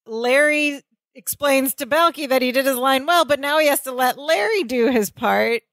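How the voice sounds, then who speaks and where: A woman's voice: high voice, moderate pace, fairly bright tone, no room sound. Woman narrating a sitcom scene on a podcast. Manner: narrates scenes step by step, quotes dialogue. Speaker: podcast co-host. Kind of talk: casual recap chat.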